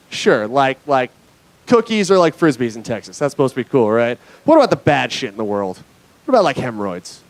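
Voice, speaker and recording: A young man from Nevada doing a stand-up comedy set on a club stage, mostly deadpan with sudden loud bursts. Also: medium pitch, no room sound.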